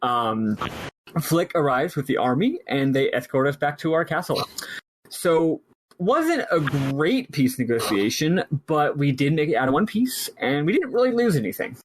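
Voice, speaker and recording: A man's voice: on the high side, sing-song, slight background noise, poor audio. A man hosting a podcast, casually recapping a story game in a rambling way. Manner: rambling, lots of fillers and quick paraphrased quotes. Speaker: podcast host.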